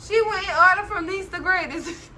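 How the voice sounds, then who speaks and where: A woman hosting a casual TV recap, chatty and animated, often laughing and calling the viewer "girl". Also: very high-pitched, moderate pace, a little hiss or hum, poor audio. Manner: laughs often while talking. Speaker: TV recap host.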